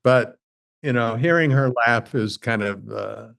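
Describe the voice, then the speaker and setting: A man as a podcast guest in casual chat, halting and self-deprecating, often repeating words as he talks. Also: mid-range voice, vocal fry, fairly bright tone.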